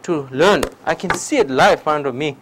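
Speaking at a moderate pace with a fairly high pitch over background noise, a Tibetan-accented man gives a public dharma talk with questions in a lecture hall. This meditation teacher tells spirited stories in broken English, repeatedly checking with "okay?"

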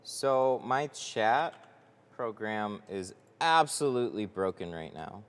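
A man with a fairly low voice talks loosely to his livestream viewers, rambling and full of fillers. His voice trails off into long reverb, the way it does in a tint workshop. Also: expressive, slow. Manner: chatty, rambling, frequent fillers. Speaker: window tint installer streaming live. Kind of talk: casual livestream chat. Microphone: headset.

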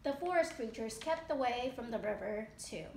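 A woman with a high, bright voice reads a children's picture book aloud, giving each sentence an animated, expressive lift. She is recorded at home in an echoey room with a faint hiss behind her. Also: normal speed, gravelly. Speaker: mother reading aloud. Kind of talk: children's story read-aloud.

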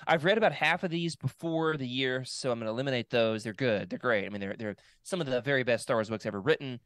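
A man's voice: medium pitch, fast, a bit bright, clear, resonant tone, dry recording. A man hosting a casual podcast chat, playful and rambling, trailing off into fillers. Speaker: podcast host.

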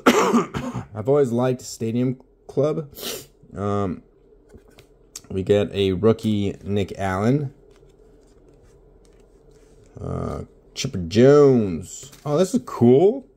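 A man's voice: fairly low pitch, sing-song, extremely slow, long pauses, darkish tone. A young man casually talking through opening packs of baseball cards in his home office, swearing constantly and mumbling because he is short on sleep. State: sleep-deprived. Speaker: card opening vlogger. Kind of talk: casual card-opening commentary.

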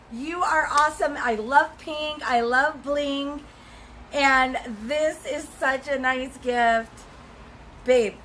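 A woman's voice: high voice, pushed and bright, slight background noise, low-quality recording. A young woman chatting at home as she opens gifts on camera, gushing with gasps and squeals. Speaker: vlogger opening mail. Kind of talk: casual unboxing chat.

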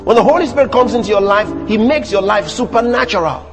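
A man with a Nigerian accent preaching a sermon in church, animated and teasing the congregation. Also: high-pitched, quick pace, in a large hall. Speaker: pastor. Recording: music playing behind the sermon.

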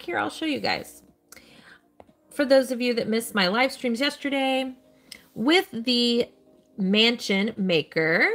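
Fielding her viewers' questions between moves in a mobile game, this live-stream host keeps things casual and upbeat. Her voice sits on the high side with a fairly bright tone.

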